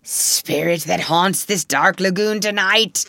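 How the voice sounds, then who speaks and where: A woman's voice: mid-range voice, big pitch swings, slow pace, vocal fry, dry recording, heavily acted. A woman voicing a proud, brooding male pirate captain in a storybook reading, declaiming theatrically. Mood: shaken.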